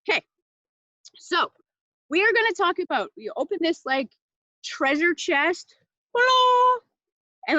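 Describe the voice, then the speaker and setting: Woman, casual live class host, chatty, heartfelt, fillers, excitable, higher voice, dry and dull laptop sound. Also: dry recording. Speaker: class host presenting essential oils.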